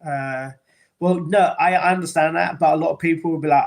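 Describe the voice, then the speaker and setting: A man's voice: a little high, fairly quick, vocal fry. Chatty man answering his livestream chat. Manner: chatty, answers chat messages aloud, mildly defensive. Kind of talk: casual live-stream chat.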